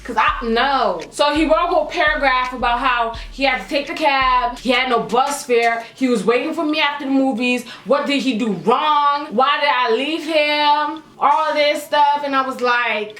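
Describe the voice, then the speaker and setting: A young woman with a high voice tells a storytime vlog in an echoey room. She is sassy and animated, leaning on slang and acting out what people said. She sounds like she is chatting straight to her viewers. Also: moderate pace, few pauses, faint music behind. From Canada. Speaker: vlogger.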